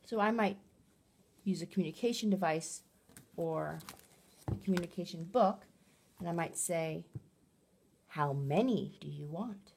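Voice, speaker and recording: A woman speech therapist explaining a teaching technique in a clear, patient, demonstrative way. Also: lowish voice, measured pace, long pauses, darkish tone, a little hiss or hum. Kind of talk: educational explainer talk.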